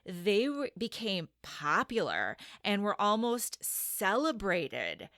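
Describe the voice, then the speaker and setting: A woman co-hosting a casual podcast, explaining history and reading quotes aloud in a measured way. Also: medium pitch, wildly swooping pitch, a bit bright, no echo, studio quality. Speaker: podcast co-host.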